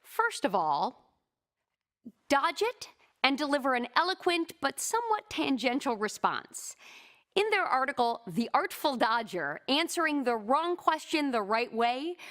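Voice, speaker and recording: High-voiced woman giving speaking advice. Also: big pitch swings, a bit bright. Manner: crisp, measured advice with acted example quotes. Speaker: presentation coach. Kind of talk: scripted instructional narration.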